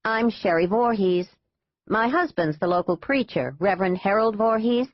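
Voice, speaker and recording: A woman's voice: medium pitch, moderate pace, no room sound, lo-fi sound, lightly acted. A woman reading an audiobook, voicing a tart older woman behind an ice cream counter who talks in a blunt, dry, falsely sweet way.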